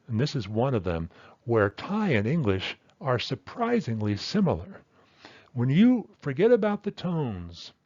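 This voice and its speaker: A man's voice: medium pitch, darkish tone, no room sound, muffled recording. A man teaching a language lesson and explaining at a thoughtful pace, with fillers and self-corrections.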